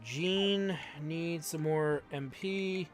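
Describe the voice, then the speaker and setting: A woman's voice: deep voice, extremely slow. A woman giving casual, wry gameplay commentary as a let's play host. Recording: faint game music behind.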